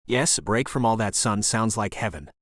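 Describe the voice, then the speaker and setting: Male narrator doing a bubbly English waitress, gossipy and warm, pitch swinging freely. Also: animated, normal speed, dry recording, studio quality, natural voice. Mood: friendly. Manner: breezy, chatty, warm. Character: friendly chatty young English waitress.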